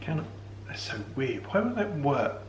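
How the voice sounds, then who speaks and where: A man's voice: fairly high pitch, big pitch swings, moderate pace, slight background noise. A middle-aged man, telling a rambling joke and chatting casually to camera at home. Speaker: vlog host. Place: home, indoors. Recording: roomy, from far off camera.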